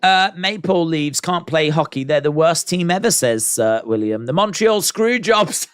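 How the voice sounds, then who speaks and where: This British livestream host has a fairly high, clean-toned voice at a moderate pace, recorded dry. He muses casually, reads out comments from viewers and pokes fun at himself during the watch-along.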